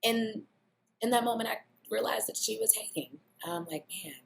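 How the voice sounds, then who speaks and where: A woman's voice: fairly high pitch, normal speed, gravelly. A young woman talking in a casual, reflective monologue, loose and conversational. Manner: conversational, loose, with many "you know" fillers. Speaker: vlogger.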